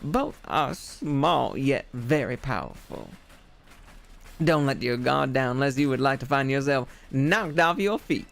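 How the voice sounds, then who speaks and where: A man's voice: mid-range voice, lively intonation, measured pace, gravelly. A man reading as a polite pastry-chef gym leader woman. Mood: gracious. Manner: reading game dialogue aloud in a mild soft tone.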